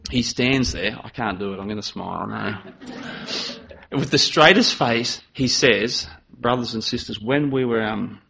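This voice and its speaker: A man's voice: fairly low pitch, gravelly, fairly bright tone, muffled recording, slight background noise. A man giving a sermon to a congregation, telling stories and acting out children's voices. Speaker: preacher.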